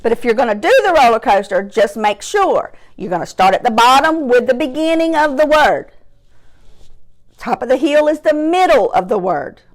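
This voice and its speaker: Speaking in a sing-song, slightly high voice, a woman leads young children through phonics, sounding out words slowly with each sound clearly separated while cheering them on.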